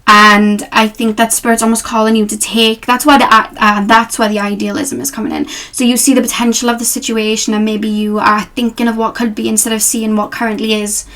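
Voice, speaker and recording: A young woman with a slightly high voice talks through a tarot reading in a relaxed, unscripted way. She sounds gentle and reassuring, and fills her pauses with ums and you-knows. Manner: gentle, reassuring, with many fillers. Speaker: tarot reader. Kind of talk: casual tarot reading to camera.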